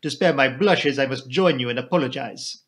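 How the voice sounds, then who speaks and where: A man's voice: medium pitch, moderate pace, a bit bright, natural voice. A man voicing a fussy older male Belgian detective, formal and elaborately polite. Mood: theatrical polite.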